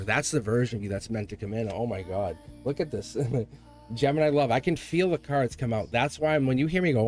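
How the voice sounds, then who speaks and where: Excitable man reading tarot live. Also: mid-range voice. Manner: excitable, rambling, laughs often. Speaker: tarot reader.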